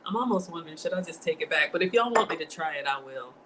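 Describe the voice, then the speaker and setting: A woman hosting a home cooking livestream, telling stories in an animated, chatty way and talking straight to her viewers. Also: sits low, quick pace, slight background noise. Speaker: home cook livestream host.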